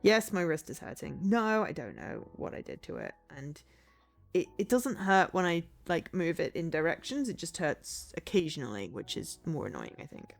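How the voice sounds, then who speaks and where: A woman's voice: lowish voice, very animated, normal speed, gravelly. A woman streamer giving casual gameplay commentary, chatty and rambling, often laughing. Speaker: game streamer.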